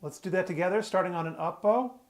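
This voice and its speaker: Patient male fiddle teacher, higher voice. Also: quick pace. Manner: patient, plain explaining with small restarts. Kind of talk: step-by-step music lesson. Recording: fiddle music playing loudly. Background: his own fiddle playing.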